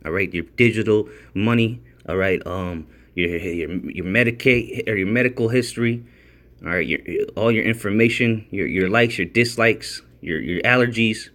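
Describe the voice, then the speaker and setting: A man with a lowish voice talks at normal speed, rambling informally through Bible study commentary as a religious video commentator. Repetition and frequent "all right?" check-ins mark his delivery, and reading out word definitions makes him emphatic and excited.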